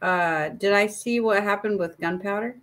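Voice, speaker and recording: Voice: mid-range voice, normal speed, crowd noise. A player in a tabletop role-playing game, speaking hesitantly and giggling now and then. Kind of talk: casual tabletop play.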